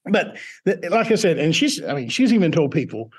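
A man from Mississippi, a teacher, telling his personal story in an interview in a relaxed, self-deprecating way. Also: a little high, brisk, breathy edge. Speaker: teacher and guest.

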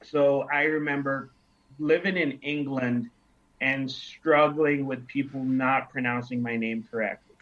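A man's voice: mid-range voice, fairly even intonation, unhurried, a bit bright. A man in his thirties from Nigeria, telling stories in a casual interview and acting out the dialogue. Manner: reflective storyteller who acts out quoted dialogue. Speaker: interview guest. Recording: dull lo-fi sound.

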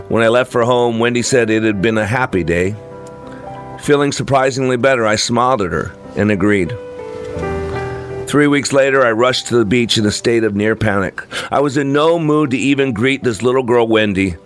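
A man reading a first-person story aloud in a reflective, earnest manner. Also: medium pitch. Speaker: narrator.

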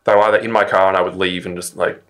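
A man's voice: low-pitched, level tone, racing, a bit bright. An Australian man hosting a casual science podcast, chatty and enthusiastic, laughing easily with his co-host, with music in the background.

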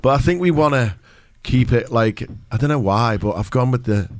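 A man's voice: mid-range voice, expressive, moderate pace, dry recording. A man in his thirties, a radio co-host and soon-to-be father, chatting in a good-natured, earnest way. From half Scottish, living in the UAE. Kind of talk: casual radio banter.

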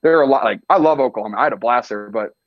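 Fast-talking young man, casual. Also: mid-range voice, dull audio. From Iowa, US Midwest. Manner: laid-back, peppered with "like" and "dude". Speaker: podcast guest, tight end. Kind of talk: casual chat.

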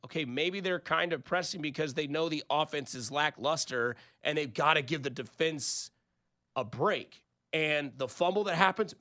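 Male sports talk co-host, higher voice, animated and argumentative, uses analogies. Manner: animated, builds arguments with analogies and acted-out quotes.

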